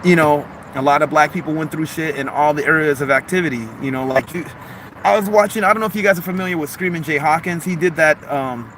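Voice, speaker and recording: A man with a mixed Long Beach, Los Angeles accent, chatting casually on a live stream, reading comments aloud in a rambling, animated way full of "like" and "man.". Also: a little high, fast, a little hiss or hum. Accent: Long Beach, Los Angeles mix. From Los Angeles harbor area, USA.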